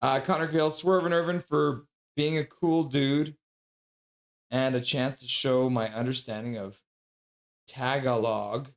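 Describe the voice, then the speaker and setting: A man's voice: mid-range voice, fairly even intonation, normal speed. A man hosting a live sports stream, casually reading out chat messages and donations while signing off. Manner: chatty, reads chat and donations aloud. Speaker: streamer host.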